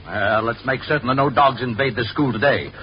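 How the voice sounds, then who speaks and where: A man's voice: medium pitch, brisk, muffled recording. A man playing a stuffy, suspicious school official in a 1950s radio sitcom. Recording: old radio broadcast with hiss.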